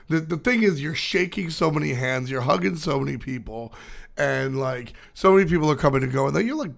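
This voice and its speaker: A young man with a hoarse, still-recovering voice, rambling casually to his stream chat, with lots of fillers. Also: a little high. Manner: rambling, filler-heavy storytelling. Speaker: esports caster streaming to chat.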